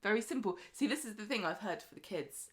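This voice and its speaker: A woman's voice: medium pitch, lively intonation, fast, fairly bright tone. A woman co-hosting a podcast, chatting casually with teasing banter. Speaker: podcast co-host. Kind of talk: casual chat.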